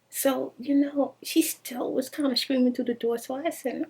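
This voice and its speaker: A woman casually telling a personal story in an animated, slangy way, laughing often. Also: sits high, normal speed, few pauses, husky.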